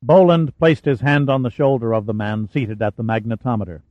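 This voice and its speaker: A man narrating an audiobook in a steady, measured way. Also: mid-range voice, no echo, dull audio. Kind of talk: scripted narration.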